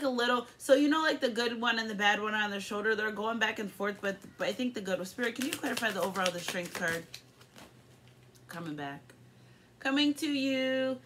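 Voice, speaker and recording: A woman's voice: medium pitch, expressive, fairly quick, sharp tone, a little hiss or hum. Chatty, profane woman tarot reader. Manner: rambling, profane and upbeat. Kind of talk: casual tarot reading.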